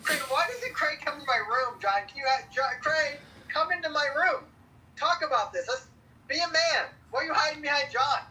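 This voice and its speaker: A man's voice: very high voice, animated, moderate pace, far from the mic, slight background noise, poor audio. Brash young man joking on live chat. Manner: joking, mocking, loud outbursts. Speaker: chat room participant. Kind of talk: casual banter on a live audio chat.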